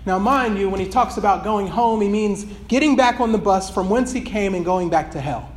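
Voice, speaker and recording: A man's voice: high voice, moderate pace, slight background noise. A man preaching in a loose, rambling way, with many restarts, before reading from a book. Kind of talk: sermon with read excerpt.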